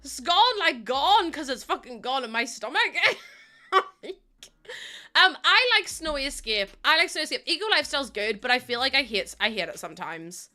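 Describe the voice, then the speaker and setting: A woman's voice: high voice, expressive, normal speed, sharp tone. A woman streaming live, chatting casually with her viewers, greeting them and laughing often.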